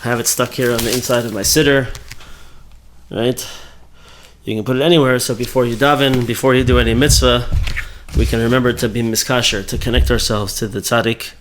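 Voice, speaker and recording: A man's voice: mid-range voice, fairly even intonation, brisk, fairly bright tone, a little hiss or hum. Man teaching a casual Torah class. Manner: conversational, thinking aloud with fillers and self-corrections.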